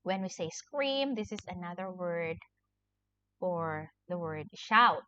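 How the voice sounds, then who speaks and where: A woman's voice: on the low side, lively intonation, slow, sharp tone, clear, resonant tone. A woman teaching English vocabulary to children, patiently repeating each word with simple examples. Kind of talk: slow vocabulary lesson for children. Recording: dull lo-fi recording.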